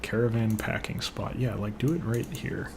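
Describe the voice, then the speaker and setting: A man's voice: on the low side, fairly even intonation, normal speed, noisy background. Frustrated young man ranting over gameplay. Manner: frustrated, swearing, rambling asides. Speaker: gaming channel host. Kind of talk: let's play commentary.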